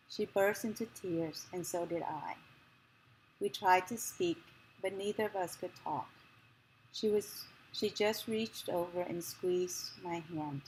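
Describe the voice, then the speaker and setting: A woman reading a memoir passage aloud, in a slow, measured and gentle way. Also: fairly low pitch, slight background noise, rough recording.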